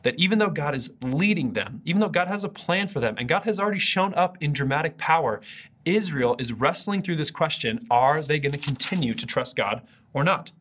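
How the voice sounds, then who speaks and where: Husky-voiced man preaching a sermon. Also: a little high, expressive, brisk, fairly bright tone. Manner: earnest, conversational preaching with repeated restarts. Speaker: pastor. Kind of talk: video sermon.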